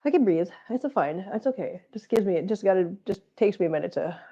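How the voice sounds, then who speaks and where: Breathless woman host with a dark voice. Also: medium pitch, lively intonation, fast, breathy edge, lo-fi sound. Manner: chatty, teasing, laughs often, reads out viewer comments. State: short of breath, chest congestion. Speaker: cat channel livestream host. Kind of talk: casual livestream chat. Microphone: close mic, breathing audible.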